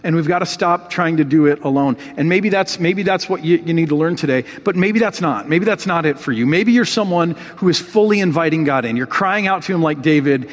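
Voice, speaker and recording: A man delivers a sermon in an earnest, heartfelt voice that sits high for a man. He reads scripture with rising feeling and speaks to his listeners directly. The sound rings with the long reverb of a large hall. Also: fairly quick, few pauses. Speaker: pastor.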